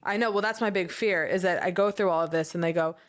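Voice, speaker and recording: A woman co-hosting a podcast in casual chat, telling stories with animated energy and acting out what other people said. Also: fairly low pitch, quick pace. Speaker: podcast co-host.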